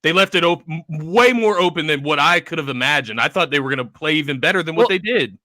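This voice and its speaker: An easygoing young man chatting about sports, quick to agree and laugh. His voice is high and very bright. It is recorded close and dry. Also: animated, no echo. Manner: laid-back, laughing, agreeable. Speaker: podcast co-host. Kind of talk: casual sports talk.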